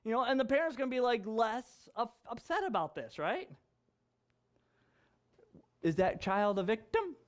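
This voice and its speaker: A man's voice: extremely high pitch, expressive, a little slow, long pauses. A male pastor preaching a conversational sermon, chatty and jokey, with frequent asides and laughter.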